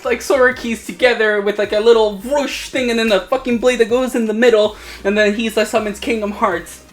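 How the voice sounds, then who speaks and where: A man's voice: high voice, fairly even intonation, fairly quick. Tipsy young guy, rambling plot recap, lots of laughs and swearing. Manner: rambling, profane, laughing, acting out characters in silly voices. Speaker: co-host. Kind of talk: drunken casual retelling of a game plot.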